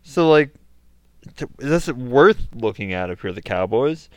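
A man's voice: medium pitch, expressive, moderate pace, smooth, no echo, lo-fi sound. A man co-hosting a podcast, trading dry, joking banter about sports. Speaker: podcast co-host. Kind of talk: casual sports chat.

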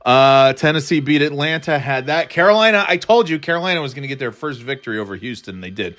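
A man's voice: medium pitch, animated, quick pace, fairly bright tone. A man rambling casually through his football picks, swearing and mocking himself, with many restarts. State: throat irritated, clearing it. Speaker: podcast host giving football picks.

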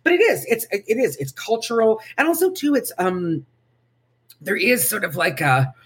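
A woman stand-up comedian chatting as a podcast guest, animated and often acting out other people's voices. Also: mid-range voice, moderate pace, slightly rough. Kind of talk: casual podcast chat.

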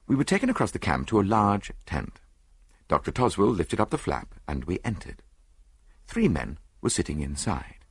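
A man narrates an audiobook in a husky, fairly low voice. His intonation rises and falls widely, and the recording is close and dry with no room sound. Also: wildly swooping pitch, a bit bright, no room sound. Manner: measured first-person storytelling. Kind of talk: scripted narration.

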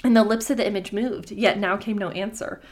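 A woman's voice: medium pitch, steady tone, brisk. A woman hosting a podcast, reading old-fashioned folktale prose aloud and breaking off now and then for casual, swearing asides.

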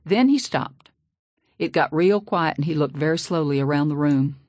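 Audiobook narrator, woman, sassy folksy read, deep dry voice. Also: normal speed, darkish tone, no echo. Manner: folksy, sassy first-person storytelling. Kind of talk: scripted narration.

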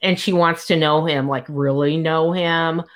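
A woman co-hosting a casual book chat, retelling the plot with lively quotes. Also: deep voice, a little slow. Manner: retells plot animatedly, quoting characters. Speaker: book podcast co-host.

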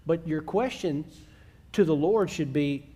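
A man's voice: fairly high pitch, a little slow, mellow, breathy edge. A man on a faith-based talk show, making his points emphatically in a preaching style and repeating them.

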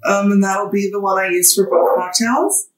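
A woman co-hosting a podcast while mixing cocktails, talking casually, swearing freely and breaking into loud outbursts. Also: medium pitch, fairly even intonation, normal speed, distant mic, slight background noise. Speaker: podcast co-host and bartender. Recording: echoey room, voice a bit off-mic.

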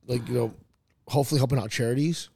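A man hosting a podcast, chatting casually with friends, animated and swearing, laughing at his own jokes. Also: medium pitch, fast, creaky, noisy background. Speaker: podcast host. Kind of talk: casual chat.

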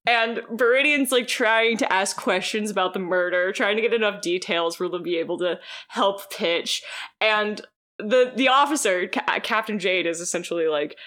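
A young woman guest telling a story casually, animated, with lots of laughter and fillers. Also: mid-range voice, normal speed. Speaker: podcast guest.

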